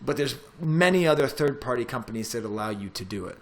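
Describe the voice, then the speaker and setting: A middle-aged man, a professor, walking through a software tutorial in a casual, chatty way as he clicks through the steps. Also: mid-range voice, expressive, quick pace. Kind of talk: screen-recorded tech tutorial.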